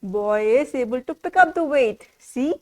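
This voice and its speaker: A woman teaching small children, repeating words in a slow, sing-song way and asking them questions. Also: high-pitched, expressive. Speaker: preschool teacher. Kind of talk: classroom lesson for small children.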